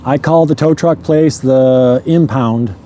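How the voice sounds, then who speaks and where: A man telling a true story from his own life in a casual way, chuckling at his mishaps and stumbling over words as he rushes ahead. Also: medium pitch, warm tone, a little hiss or hum.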